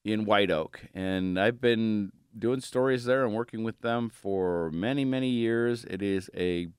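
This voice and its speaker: A man's voice: fairly low pitch, measured pace, smooth, dry recording. A man hosting a radio gardening show in a studio, chatty and upbeat, laughing easily between thoughts. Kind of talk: casual radio talk. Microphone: studio microphone.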